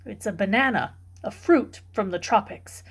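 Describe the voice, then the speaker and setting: A woman doing a grave, low-voiced male guardian. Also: moderate pace, breathy edge. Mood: calm.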